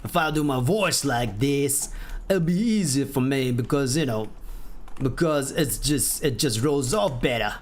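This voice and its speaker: Slow-talking man streamer, rambling. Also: medium pitch, animated. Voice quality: rambling, self-correcting, often laughing at himself. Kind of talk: casual live game-stream chat.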